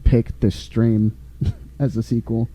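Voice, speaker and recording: A man's voice: medium pitch, little pitch movement, slow pace, mellow, no room sound. A man hosting a podcast in casual chat, laughing often and talking animatedly. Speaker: podcast host. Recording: dull lo-fi dry sound.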